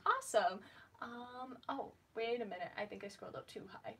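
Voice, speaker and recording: A woman's voice: fairly high pitch, moderate pace, pushed and bright, breathy edge. A woman hosting a casual live writing stream, chatting and reading out viewer comments. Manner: chatty, many ums and restarts, reads out viewer comments.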